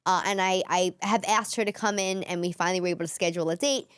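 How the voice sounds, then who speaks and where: A woman with a New York accent hosting a casual chat show, animated and jokey, laughing often, on a close mic. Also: fairly low pitch, fast, clear, resonant tone, no room sound. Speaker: podcast host.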